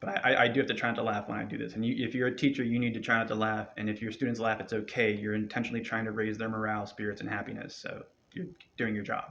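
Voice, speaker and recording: A man's voice: lowish voice, flat delivery, rapid-fire, creaky, hardly any pauses, fairly bright tone, slight background noise. A man teaching a chanting practice, talking loosely and encouragingly, with many fillers and restarts. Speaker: meditation teacher. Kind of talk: casual spoken instruction. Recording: dull lo-fi sound.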